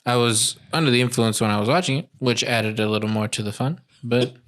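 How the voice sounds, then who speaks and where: A man with a bright, tense-edged voice at a middling pitch co-hosts a podcast. He talks in a laid-back, casual way and laughs easily. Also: fast talker. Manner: laid-back, laughs often, puts on mock Italian accents. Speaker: podcast co-host. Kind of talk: casual chat.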